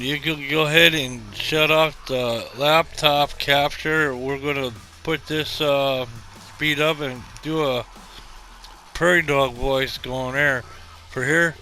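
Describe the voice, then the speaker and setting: A man's voice: a little high, fairly even intonation, slow pace, bright, forceful tone, faint music behind. A middle-aged man hosting a gaming channel, chatting casually over gameplay, rambling and reminiscing, then jokingly bossing an imaginary studio crew.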